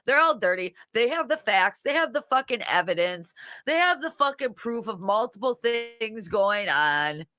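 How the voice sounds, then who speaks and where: A woman's voice: fairly high pitch, animated, moderate pace, bright, forceful tone, no echo. Brash, profane woman livestreamer. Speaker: livestream host. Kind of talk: casual livestream chat reading comments.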